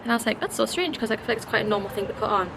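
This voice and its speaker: A woman in her twenties chatting casually to camera in a vlog, animated and chatty as she tells stories with laughs. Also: mid-range voice, very fast, gravelly, noisy background. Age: 20s. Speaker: vlogger. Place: out and about, shops and street.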